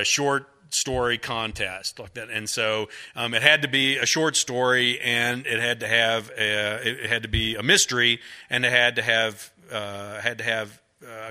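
Bright-voiced folksy storytelling man. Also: medium pitch. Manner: rambling, folksy and self-mocking, with a habitual "like that". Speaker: author speaking to a bookstore audience. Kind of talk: casual storytelling to a live audience.

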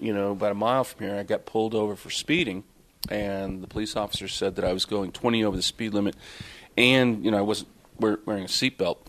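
A man from Florida, an author telling anecdotes to an audience at a book talk, rambling with many fillers and restarts. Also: fairly low pitch. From Florida, USA. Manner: rambling, self-interrupting, many fillers, chuckling. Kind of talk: casual live storytelling to an audience.

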